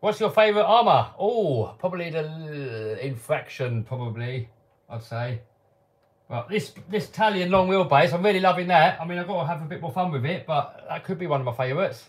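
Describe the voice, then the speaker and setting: A man's voice: a little high, expressive, fairly quick. Chatty man in a live Q&A. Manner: reads out viewer questions, answers offhand and chuckling. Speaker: channel host answering live chat. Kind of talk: casual live-stream Q&A. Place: home workshop.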